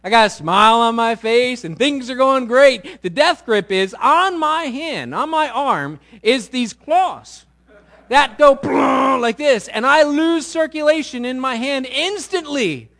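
A middle-aged man delivers a sermon, his voice sitting high for a man. He tells his story in an animated way, jumping from loud bursts to quiet, close passages. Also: a little slow. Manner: animated storytelling, swinging from loud peaks to quiet intimate lows. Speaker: pastor.

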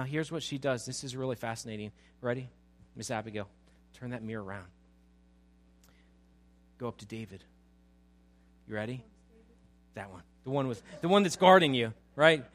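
A man preaching a sermon, addressing his congregation directly and rising into loud, emphatic passages. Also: medium pitch. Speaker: pastor.

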